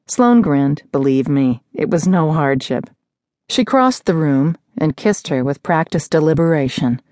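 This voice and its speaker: A woman with a low, mellow voice reads a romance novel aloud in a measured, intimate way. The sound is dry and close, straight from a studio mic. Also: no echo. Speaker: audiobook narrator. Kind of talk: scripted narration. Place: recording studio.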